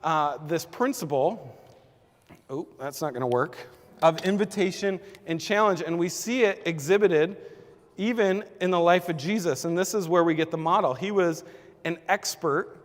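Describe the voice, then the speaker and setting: Man, high-pitched voice, casual church training talk, conversational, lots of filler words, long hall reverb. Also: moderate pace. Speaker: church team leader.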